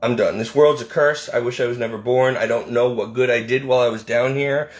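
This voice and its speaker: A man's voice: mid-range voice, fairly even intonation, a little fast. A man in his forties venting in a personal vlog monologue, weary and bitter, rambling from complaint to complaint. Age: 40s. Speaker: video ministry creator.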